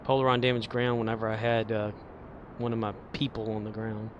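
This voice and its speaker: A man's voice: fairly low pitch, little pitch movement, brisk, lo-fi sound, noisy background. A man chatting casually while streaming a game, mumbling and chuckling to himself.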